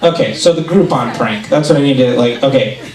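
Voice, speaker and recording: A man performing a stand-up comedy set, telling stories in an animated way and acting out what people said. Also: mid-range voice, a little fast, crowd noise. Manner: animated storytelling, acts out quotes. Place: club stage before a laughing audience. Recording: roomy live club recording, mic at a distance.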